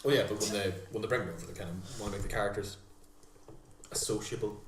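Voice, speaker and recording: A man's voice: lowish voice, fast talker. A man with an Irish accent hosting a podcast, joking casually and swearing freely. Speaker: podcast host. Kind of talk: casual banter. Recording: echoey room, faint hiss.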